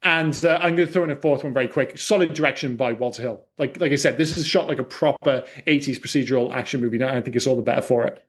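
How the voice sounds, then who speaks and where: Fast-talking man hosting a film podcast. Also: mid-range voice. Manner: swears freely, wry and chatty. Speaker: podcast host. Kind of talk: casual film podcast chat.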